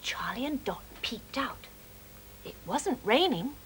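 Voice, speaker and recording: Lady reading a kids story, high and super sing-songy, slow. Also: big pitch swings, a bit bright, slight background noise, poor audio. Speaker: children's TV presenter.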